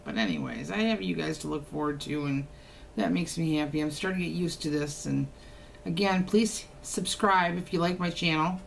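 At home indoors, an older woman who makes haul videos chats casually to the camera in a teasing, folksy manner. Her voice is deep and creaky at a normal speed, with a little hiss or hum in the recording.

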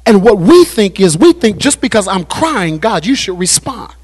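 A man preaching a sermon as pastor at a Bible study, repeating phrases and building to shouted climaxes. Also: high-pitched, very animated, moderate pace, breathy edge. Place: church.

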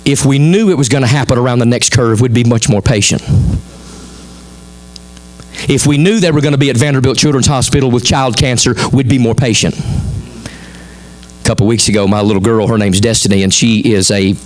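Soft music plays behind a middle-aged pastor with a Southern American accent and a mid-range voice. Folksy and lively, he preaches a sermon and acts out the story's people in rapid voices.

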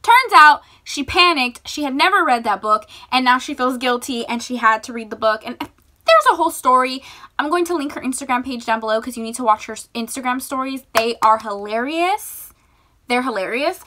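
Bubbly young woman vlogger, high bright voice, gushing over books. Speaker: book vlogger. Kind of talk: casual vlog chat.

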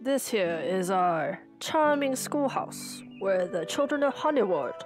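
A woman's voice: medium pitch, big pitch swings, a little slow, music in the background. A woman voicing a pompous middle-aged male town mayor who speaks in a formal, old-fashioned way.

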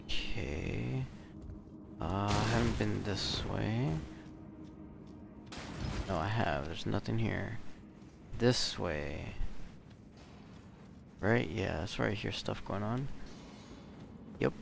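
A man giving casual, excitable commentary while he plays a video game, swearing and talking to himself. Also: on the low side, slow pace, creaky, long pauses, noisy background. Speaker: gaming video creator. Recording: game music playing behind.

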